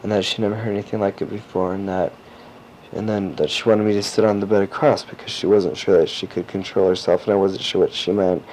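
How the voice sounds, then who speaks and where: A teenage boy recording a personal audio diary, rambling and halting with lots of fillers and restarts. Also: deep voice, little pitch movement, a little mellow. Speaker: diarist. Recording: dull lo-fi cassette tape with faint hiss.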